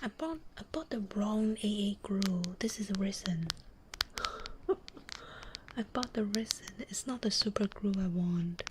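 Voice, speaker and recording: A woman streamer chatting in a soft, breathy whisper, playful and giggly, on a close binaural mic. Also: mid-range voice, takes it slowly. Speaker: ASMR streamer. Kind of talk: whispered casual chat on a live stream. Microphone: binaural and condenser studio mics. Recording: noisy stream audio with clicks.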